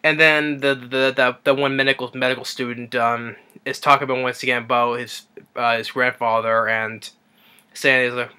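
Brief: male movie reviewer, mid-pitched, bright tone, loose chuckling recap. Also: flat delivery, moderate pace, clean tone. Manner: rambling, chuckling retelling of scenes.

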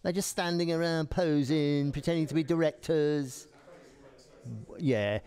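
A playful man talks in a loose, jokey way, tossing asides at the crew. His voice sits a little higher than most men's. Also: measured pace, darkish tone. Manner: playful, chatty, teasing. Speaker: green screen performer. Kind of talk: jokey live demonstration.

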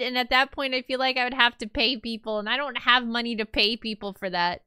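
A woman's voice: a little high, brisk, few pauses, pushed and bright, clear, resonant tone, no room sound, studio quality. A young woman streamer in casual chat with her viewers, rambling and chatty with lots of fillers.

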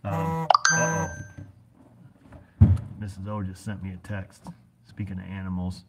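A man's voice: low voice, monotone, brisk, heavy background noise. A middle-aged American man who runs an auto repair shop, chatting casually in a folksy, rambling way full of fillers. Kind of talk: casual rambling vlog chat.

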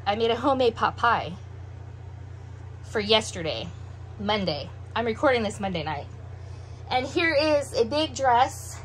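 A middle-aged woman with heavy breathing after a meal, chatting in an unhurried, musing way as she shows off a clothing haul at home. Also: sits high, fairly bright tone. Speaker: doll collector showing a clothing haul. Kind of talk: casual show-and-tell vlog.

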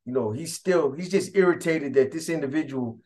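Guy rambling through a story, street slang, says you know a lot, kinda high voice. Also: brisk, darkish tone. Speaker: storyteller recounting prison events. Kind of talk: casual spoken storytelling.

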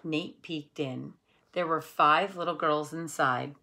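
A woman reading a children's picture book aloud, telling the story in an expressive storytelling way. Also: low-pitched, creaky. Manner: expressive, unhurried storytelling with voiced characters. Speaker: storybook reader.

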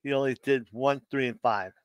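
A man hosting a live stream, reading out dad jokes in a relaxed, easygoing way and laughing at his own punchlines. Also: mid-range voice, moderate pace, no echo. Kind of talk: casual live stream joke telling.

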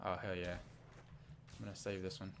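A young man giving excited commentary on his own gameplay, swinging from muttering to yelling and laughing. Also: low voice, a little fast, creaky, noisy background. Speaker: gamer.

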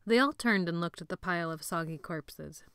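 A woman narrating an audiobook chapter in steady, measured storytelling. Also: lowish voice, smooth, no echo.

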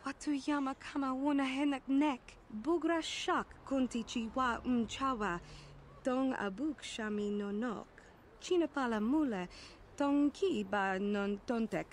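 Brief: a high-voiced alien merchant chattering in a made-up tongue. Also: female voice, measured pace, slight background noise. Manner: steady alien-language chatter.

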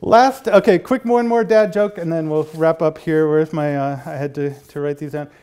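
A man's voice: fairly high pitch, fairly even intonation, moderate pace, darkish tone. A man giving a university lecture on policy advocacy, conversational, with frequent fillers and restarts. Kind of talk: public lecture. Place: lecture hall.

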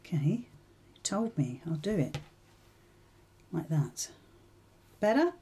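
A woman with a warm, mellow tone leads a live sewing tutorial in a relaxed, chatty way. She thinks aloud as she works and keeps turning to her viewers with questions. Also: on the low side, drawn-out words, pauses often, slight background noise. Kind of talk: casual live tutorial chat.

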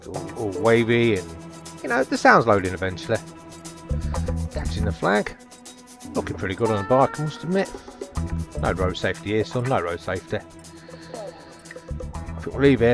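A man giving jokey, chatty, self-mocking commentary over a video game. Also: medium pitch. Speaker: gameplay commentator. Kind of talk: casual gameplay commentary.

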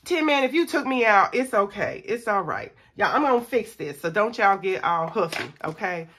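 A young woman talks casually to her viewers, counting dollars out loud as she goes. Her voice is bright and clear, with a mid-range pitch. She comes across as chatty and animated, often breaking off to address the audience directly. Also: normal speed, slight background noise. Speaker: budgeting vlogger. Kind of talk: casual chat to viewers while scratching off savings.

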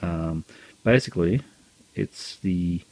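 A man casually talks through his recent film purchases, relaxed and chatty with lots of ums and uhs. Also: sits low, slow pace, no room sound. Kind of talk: casual video review.

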